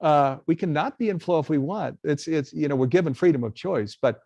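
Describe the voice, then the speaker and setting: A man's voice: fairly high pitch, animated, fairly quick, a little mellow, no echo, highs cut off. Earnest male webcast host, dry sound. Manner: earnest, reads viewer questions. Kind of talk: casual live webcast talk.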